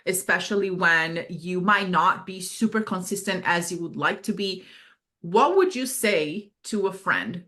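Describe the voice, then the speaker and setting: A woman's voice: fairly low pitch, bright, forceful tone. A woman coaches a group over a video call, speaking in an encouraging, supportive way. She often circles back with fillers and restarts mid-thought, keeping a loose, conversational flow. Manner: encouraging, with frequent fillers and self-corrections.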